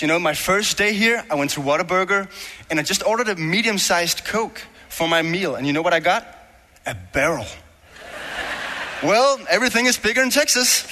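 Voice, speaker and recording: A young Danish guest preacher with a Danish accent speaks in a high, pushed, bright voice. In a church hall with long reverb, he delivers a sermon in a joking, self-deprecating, conversational style.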